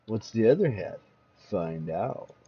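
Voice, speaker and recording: A man voicing a cackling ghoulish male horror-comic host in a slow, theatrical, gloating manner. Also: lowish voice, very animated, slightly rough, lo-fi sound, exaggerated voice.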